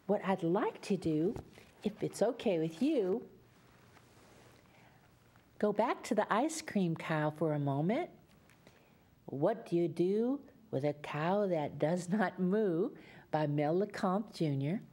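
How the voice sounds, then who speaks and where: Sing-song storyteller woman from Louisiana, lively. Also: lowish voice, takes it slowly, long pauses, breathy edge. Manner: sing-song, coaxing, speaks to young children. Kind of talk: children's story time reading.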